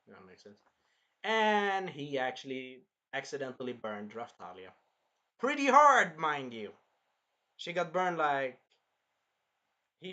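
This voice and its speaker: Young male host, casual rambling reviewer, bright forward voice. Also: fairly high pitch. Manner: rambling, filler-heavy, acts out scenes.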